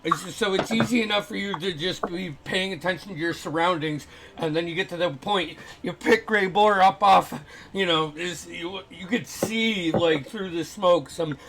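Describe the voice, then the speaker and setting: A man narrating as game master of a tabletop game, halting with fillers and restarts and adding playful sound effects. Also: high-pitched, a bit bright.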